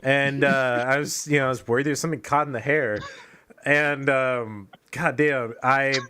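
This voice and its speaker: Bright-voiced man telling a rambling story. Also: mid-range voice, fairly even intonation, normal speed, clear, resonant tone. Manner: rambling, profane, self-mocking storytelling with frequent fillers. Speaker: podcast co-host telling a story. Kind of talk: casual chat.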